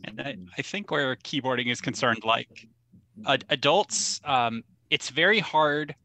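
A man's voice: medium pitch, a little slow, sharp tone. A man who works as an educator, chiming in on a webinar and searching for the right words. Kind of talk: casual webinar discussion.

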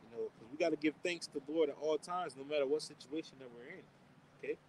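A man's voice: a little high, fast, slight background noise, poor audio. A man leading an informal outdoor Bible study as preacher, who ends nearly every phrase with "man" or "okay?" and asks questions he then answers himself.

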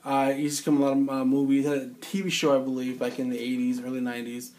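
A man's voice: medium pitch, little pitch movement, quick pace, darkish tone. A man in his forties telling a rambling, incredulous story in casual conversational style. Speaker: storyteller recalling film-set security work. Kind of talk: casual spoken anecdote.

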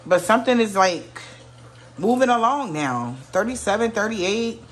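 Her mid-range voice is expressive and moves at normal speed. She's a tarot reader giving viewers a casual reading, musing aloud, often exclaiming, and drifting off mid-sentence.

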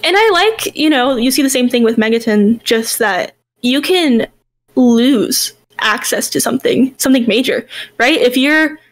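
A woman with a high, light voice chats on a podcast about game details. She talks with easy enthusiasm in a casual, friendly way. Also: animated, moderate pace. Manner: chatty and enthusiastic, laughs easily. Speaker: podcast co-host.

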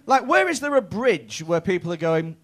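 A man's voice: high voice, sing-song, normal speed, fairly bright tone. A man in his thirties doing stand-up crowd work in a comedy club, chatty and sweary with stammering restarts. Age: 30s.

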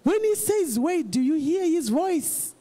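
A pastor preaching a sermon, emphatic and repetitive, rising to shouts. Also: extremely high pitch, sing-song, measured pace.

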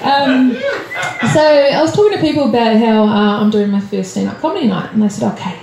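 A woman's voice: fairly high pitch, fairly quick, vocal fry. A woman from Australia doing a nervous, self-deprecating stand-up set, chatty and full of ums. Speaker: stand-up comedian. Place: comedy club stage. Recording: roomy club with faint crowd noise.

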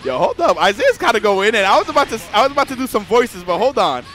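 A young man commentating a fighting game live, excitable and joking with chat, swearing freely. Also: high-pitched, fast talker, faint music behind.

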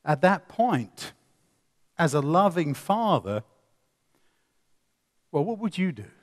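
A man preaching a sermon, swinging between loud emphasis and quiet asides, with many rhetorical questions. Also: fairly high pitch, big pitch swings, takes it slowly. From England. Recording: long reverb of a hall.

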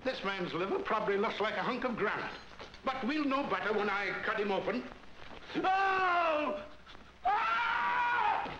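A man's voice: sits high, a little fast. A man playing a brash, wisecracking surgeon in an old slapstick film comedy. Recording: echoey, dull old film soundtrack with hiss.

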